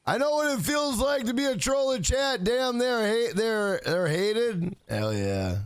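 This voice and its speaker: A man's voice: very high-pitched, sing-song, measured pace, smooth, no echo. A man live-streaming a video game, swearing often and greeting viewers in chat by name. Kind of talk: live gaming stream commentary.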